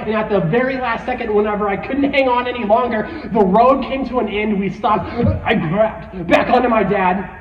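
A man preaching as a youth pastor, telling stories in an animated, emphatic way. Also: sits high, a little hiss or hum. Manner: animated storyteller, quick emphatic shifts. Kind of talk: sermon with personal storytelling. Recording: echoey hall from a distance, dull sound.

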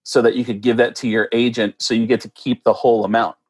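Animated male comedian telling stories. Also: medium pitch, quick pace, breathy edge. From United States. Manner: animated, acts out other people's voices in quotes. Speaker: podcast guest, comedian and impressionist. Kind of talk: casual storytelling.

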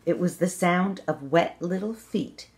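A woman reading a fairy tale aloud for children, at a gentle, measured pace. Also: fairly low pitch. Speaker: storyteller.

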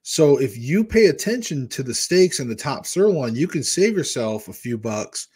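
A man's voice: mid-range voice, sing-song, normal speed, a little mellow, breathy edge. Casual rambling man vlogging. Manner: rambling, conversational, with restarts and fillers. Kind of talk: casual chat.

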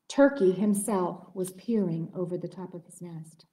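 A woman librarian reading a picture book aloud at a library story time, with gentle, expressive storytelling. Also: lowish voice, normal speed, few pauses. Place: public library room. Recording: roomy echoey room.

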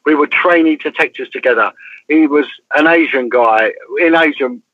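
A man's voice: a little high, normal speed, no room sound, phone-quality sound. An English man, a former police detective, telling a story as an interview guest in an emphatic way, often checking in with "right?".

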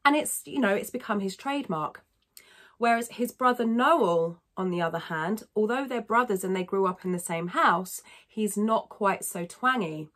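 A woman teaching singing in a casual video lesson, chatting to viewers with quick self-deprecating asides. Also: medium pitch. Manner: chatty, warm-hearted asides, thanks viewers.

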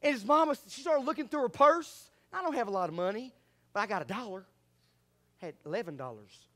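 A man preaching a sermon, animated, moving between quiet asides and loud shouts. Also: very high voice, a little fast. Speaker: pastor.

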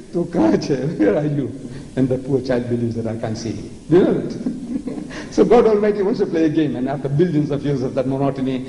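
This medium-pitched, dark-toned voice comes from an older man from South Africa with a matching accent. His theatrical lecture in a large hall derides religion, repeating words for effect. The recording is echoey, with long reverb and some faint noise.

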